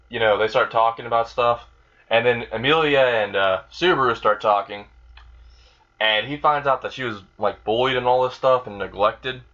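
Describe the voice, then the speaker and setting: A man's voice: mid-range voice, bright, forceful tone, lo-fi sound. A young man casually retelling an improvised fan story, rambling with lots of fillers, restarts and swearing.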